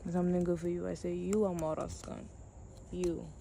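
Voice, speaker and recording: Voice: medium pitch, level tone, brisk, creaky, warm tone, slight background noise. A speaker in a comedy sketch, talking in a confrontational, mock-scolding way.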